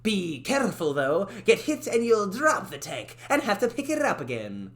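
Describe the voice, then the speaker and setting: A man's voice: high voice, wildly swooping pitch, a bit bright, full character voice. A woman voicing a cheery male handyman with a playful mock-Italian lilt, recording lines for a game character. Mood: excited. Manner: sing-song, bouncy, drawn-out words.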